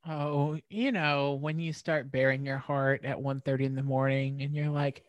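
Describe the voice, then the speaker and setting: Female co-host, deep-voiced, deadpan quips, dry close recording. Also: unhurried, no room sound. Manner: wry, joking interjections. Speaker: podcast co-host. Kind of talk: casual chat.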